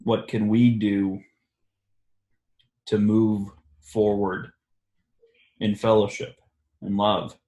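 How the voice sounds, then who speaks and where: Halting, reflective man in an echoey room. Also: on the low side, flat delivery, dark tone. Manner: halting, full of restarts and fillers. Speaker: discussion host. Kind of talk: reflective religious discussion.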